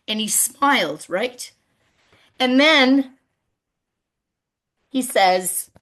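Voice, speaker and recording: A middle-aged woman presenting on a video call webinar about community gardens, telling stories and lively when she quotes people. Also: sits high, slow pace, long pauses. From Canada. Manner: warm storyteller, animated when quoting people.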